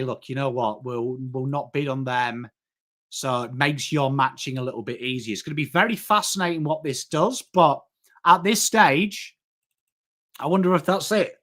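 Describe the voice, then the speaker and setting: This man from England has a fairly high, somewhat bright voice. On his relaxed live stream he reads through chat, trades banter with viewers and keeps calling people mate.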